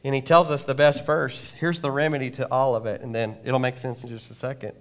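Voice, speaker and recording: A man preaching a sermon in a church, animated and jokey, acting out quotes. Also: mid-range voice, brisk. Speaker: pastor. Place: church sanctuary.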